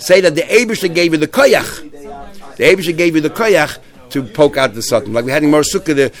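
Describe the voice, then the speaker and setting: Male Talmud teacher, slightly higher pitch, animated storyteller with frequent restarts. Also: brisk. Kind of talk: Talmud class retelling stories.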